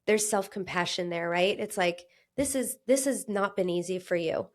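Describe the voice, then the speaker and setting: A woman's voice: on the low side, normal speed. A woman in her thirties, a health coach, talking alone in an earnest, chatty way, laughing often and acting out inner voices. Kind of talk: solo podcast monologue.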